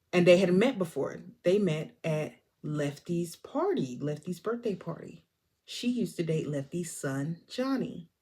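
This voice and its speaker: Animated woman retelling a movie. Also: fairly low pitch. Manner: animated storyteller, acts out the characters. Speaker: movie reviewer. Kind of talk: casual movie recap vlog.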